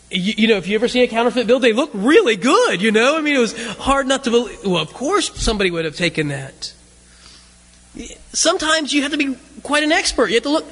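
Man, high voice, sermon storytelling, halting repeats, long hall reverb. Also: a bit bright. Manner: halting, repeats words often as he tells a story. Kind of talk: sermon told as a conversational story.

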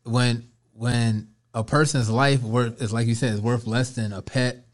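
A man's voice: medium pitch, steady tone, a little slow. A man talking casually on a podcast, loose and conversational, stretching words for emphasis. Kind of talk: casual chat.

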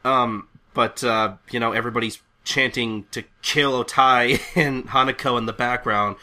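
A man's voice: mid-range voice, moderate pace. A man co-hosting a podcast, recapping a comic scene in casual chat, often stammering and restarting. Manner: stammering, animated retelling with laughs. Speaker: podcast co-host.

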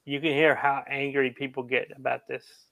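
A man's voice: mid-range voice, flat delivery, normal speed, vocal fry, sharp tone, dry recording. A man co-hosting a podcast in casual chat, hesitant and often restarting his sentences. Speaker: podcast co-host.

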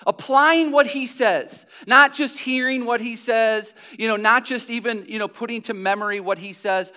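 A man with a notably high voice preaches to his congregation in a loose, conversational way. He circles back on key phrases, stumbles into restarts and pushes on with earnest emphasis. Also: fairly even intonation, normal speed, bright, forceful tone, smooth. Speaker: pastor. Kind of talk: sermon.

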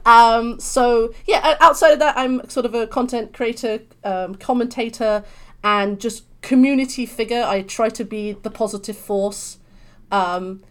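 A bubbly young woman with a London accent, talking as an interview guest. Her voice sits a touch high, and she keeps her talk lively and expressive. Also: unhurried. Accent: British, London. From London, England. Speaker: podcast guest. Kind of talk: casual interview chat.

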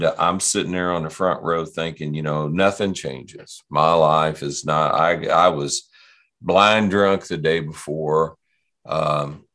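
A man in his sixties guests on an interview to tell his story. His voice is extremely low yet a bit bright. He rambles loosely, circling back and restarting sentences.

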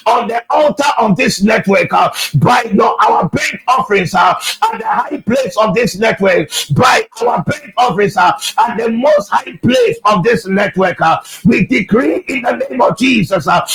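Male prayer leader, high raspy voice, fervent and insistent, repeats lines with frequent uhs. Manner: insistent, repetitive declarations with many filler uhs.

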